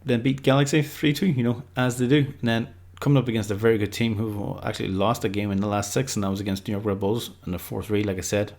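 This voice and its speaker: Rambling man, lowish voice. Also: level tone, quick pace, few pauses, a little mellow. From Ireland. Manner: rambling, loose, lots of filler words. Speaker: football prediction YouTuber. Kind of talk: casual unscripted commentary.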